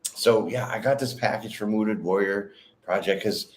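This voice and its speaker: A man's voice: fairly low pitch, normal speed. A man giving a casual livestream tarot reading, talking in a direct, bold and slangy way and laughing often. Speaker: tarot reader.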